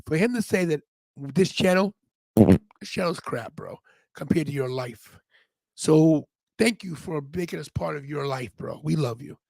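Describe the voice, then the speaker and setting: A gravelly man with a slightly high voice chats excitedly as a podcast co-host. He talks loud and jumps in over his partner. The sound is dry and close. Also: measured pace, no echo. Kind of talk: casual watch-along chat.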